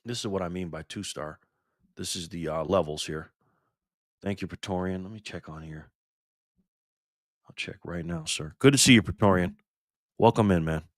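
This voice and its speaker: A man's voice: deep voice, animated, normal speed, long pauses, dry recording, clean studio sound. An older man hosting a casual live stream, fired up and swearing, greeting viewers in the chat by name. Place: garage.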